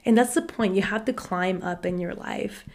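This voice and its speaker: A woman's voice: medium pitch, moderate pace. A woman in her twenties hosting a solo podcast, talking candidly with frequent swearing and laughter. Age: 20s. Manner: candid and profane, laughing often. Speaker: podcast host. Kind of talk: casual solo podcast monologue.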